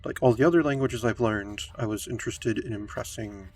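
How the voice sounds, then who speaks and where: A man's voice: mid-range voice, fairly quick, darkish tone, soft background music. A man commenting on a strategy game playthrough, speaking wryly in character as his medieval ruler and reading event text aloud. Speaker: game streamer.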